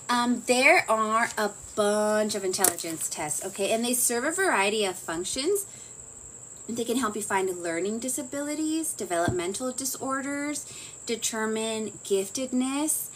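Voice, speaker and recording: A woman's voice: on the high side, a bit bright, rough recording. Woman explaining psych stuff casually, lots of ums, slight hiss in the background. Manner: chatty and informal, with many fillers and self-corrections. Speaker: psychology teacher. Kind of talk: casual lecture.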